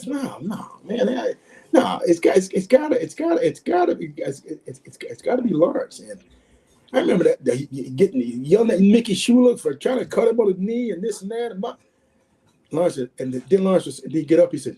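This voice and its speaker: A man in his sixties, a former football player and guest, telling stories in a lively way and often repeating words. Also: high voice, a little fast, gravelly. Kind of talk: animated storytelling.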